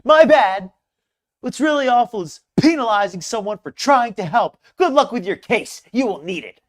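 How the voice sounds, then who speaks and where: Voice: mid-range voice, expressive, moderate pace, pitched above the performer's own voice, lightly acted. A host putting on the voice of an indignant, defiant woman, reading a post aloud in an overly dramatic way. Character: indignant, defiant woman firing back at critics.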